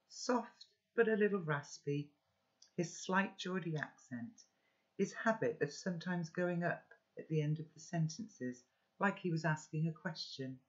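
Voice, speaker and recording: A man reading a children's novel aloud, telling the story gently and expressively. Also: on the high side. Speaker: children's book reader. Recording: dull, lo-fi recording.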